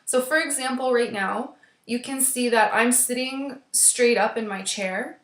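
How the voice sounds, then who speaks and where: A woman's voice: a little high, a little slow, fairly bright tone, roomy sound. A woman teacher giving a recorded online class lecture from her chair, talking steadily to her webcam with frequent ums. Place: indoor room, seated in a chair. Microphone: webcam at desk.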